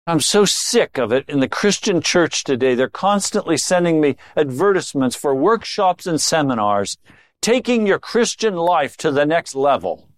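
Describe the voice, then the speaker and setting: A middle-aged male pastor preaching a sermon, swinging between low intimate tones and raised emphatic lines. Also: very animated, normal speed, no echo.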